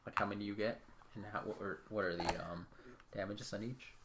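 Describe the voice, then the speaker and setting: A man running a tabletop game as game master, counting out rolls and damage in a casual, relaxed way. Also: fairly low pitch, a little fast, a little hiss or hum.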